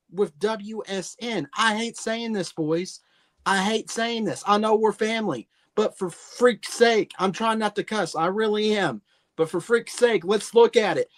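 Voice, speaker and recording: A man's voice: high voice, a bit bright. Brash man ranting like a wrestling heel. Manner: brash, combative, mock-heel bravado. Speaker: podcast roundtable regular. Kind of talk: heated wrestling-promo rant.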